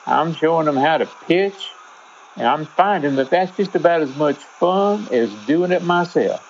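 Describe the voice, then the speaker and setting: A man's voice: a little high, a little slow, a little hiss or hum. Man reading a first-person story. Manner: relaxed, conversational storytelling. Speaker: narrator. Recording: dull lo-fi with faint music.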